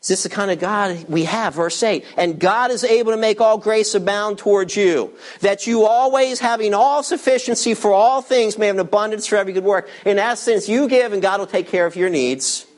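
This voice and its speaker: A pastor preaching a sermon with emphatic delivery, swinging between loud bursts and hushed lines, with teasing asides to the congregation. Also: male voice, high-pitched, brisk, hardly any pauses.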